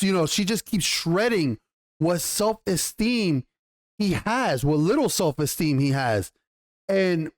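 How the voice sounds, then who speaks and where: A man giving a casual episode review, rambling and excitable, blunt and quick to swear. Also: high voice. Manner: rambling, excitable, acts out lines.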